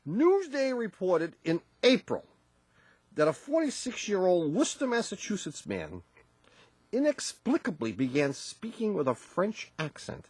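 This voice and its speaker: A man co-hosts a radio call-in show, his voice very high and bouncing all over the place. He banters loosely and breaks into wheezing laughter. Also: huge pitch swings, measured pace, a little mellow, breathy edge, no room sound. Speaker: radio co-host. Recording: radio studio broadcast.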